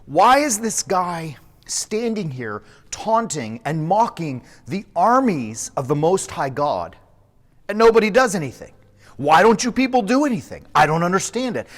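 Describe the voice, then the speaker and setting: A man's voice: fairly high pitch, very animated, measured pace. Man doing a young shepherd boy, earnest and fired up, voice goes up and down a lot, echoey. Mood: indignant. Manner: earnest, indignant pleading. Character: young male shepherd boy, brave and indignant.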